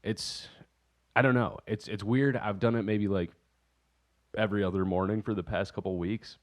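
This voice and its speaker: A man's voice: on the low side, fairly even intonation. A young man hosting a comedy podcast, teasing his friends dryly and starting his sentences over. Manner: dry teasing jokes, halting restarts. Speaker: podcast host. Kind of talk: casual comedic chat.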